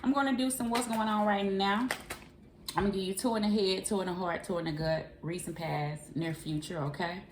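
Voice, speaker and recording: A woman's voice: medium pitch, fairly even intonation, normal speed. A woman doing a casual tarot reading in a chatty, familiar way, calling the listener boo and honey. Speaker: tarot reader. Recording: echoey room, faint hiss.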